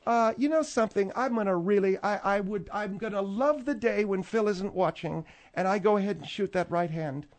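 A man's voice: high voice, normal speed, hardly any pauses, pitched above the performer's own voice, natural voice. Man putting on a feisty older lady singer. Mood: defensive. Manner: indignant, defensive, gushing. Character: feisty older woman, a former backup singer. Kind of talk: radio comedy sketch.

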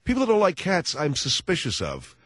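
A man's voice: on the high side, wildly swooping pitch, a little fast, a bit bright, no echo. A man hosting a radio talk show, telling a sardonic comic rant in a studio. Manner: sardonic, ranting storyteller. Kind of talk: comedic radio monologue.

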